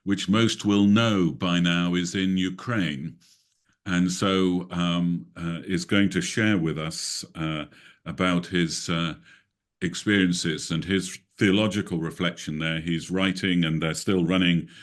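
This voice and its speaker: A man's voice: low-pitched, fairly even intonation, slow. A man with an English accent hosting an online prayer meeting, genial and rambling over a video call. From England. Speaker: host.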